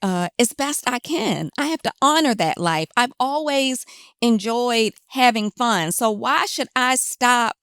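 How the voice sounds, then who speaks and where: A woman guest telling her story candidly in an interview, emphatic and animated when she quotes herself. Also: a little high, unhurried, clear, resonant tone, no room sound, clean studio sound.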